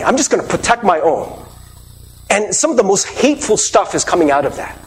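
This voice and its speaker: A male pastor with a very high voice delivers a sermon in an earnest, conversational way, full of rhetorical questions. His pitch swings widely as he preaches. A faint hiss of noise sits behind him. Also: in a large hall.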